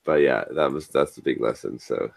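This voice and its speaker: A podcast host with a rumbling low, expressive voice and some vocal fry chats casually at a normal speed. He rambles through stories full of fillers, and there's no echo.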